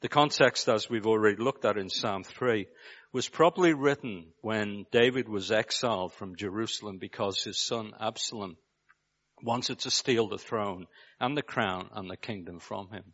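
A preacher from Liverpool with a Scouse accent, giving a measured sermon and putting rhetorical questions to his listeners. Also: on the low side, fairly bright tone, muffled recording. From Liverpool, England.

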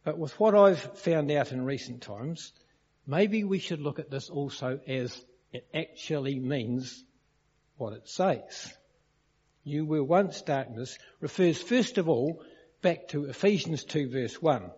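A man's voice: fairly high pitch, takes it slowly, a little mellow, husky. A man preaching a sermon, explaining a verse and telling stories to illustrate it. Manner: storytelling, questions the congregation. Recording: dull lo-fi recording in a reverberant hall.

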